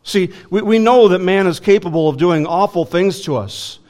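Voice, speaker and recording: Guy preaching a sermon, kinda high voice, earnest, lots of rhetorical questions. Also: normal speed, darkish tone.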